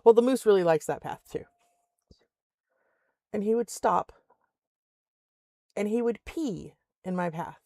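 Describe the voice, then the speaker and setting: An older woman at home in Alaska streams a game and tells stories in a casual chat, laughing often and acting out other people's voices. Her mid-range voice is dark, measured and full of long pauses, in clean studio sound with no echo.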